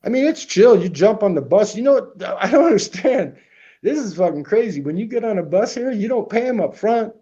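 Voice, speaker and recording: This is a livestream host in his apartment, casually rambling through stories and swearing freely. His high-pitched voice is animated and fairly quick, mellow yet slightly rough, and the recording has its highs cut off.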